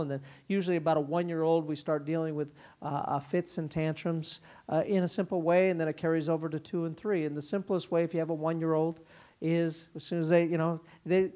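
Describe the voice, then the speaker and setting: A man speaking at a parenting conference, telling stories and acting out quick lines for kids and parents. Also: a little high. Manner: animated storytelling, voices children and parents in quoted bits. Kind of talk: conference talk. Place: conference hall.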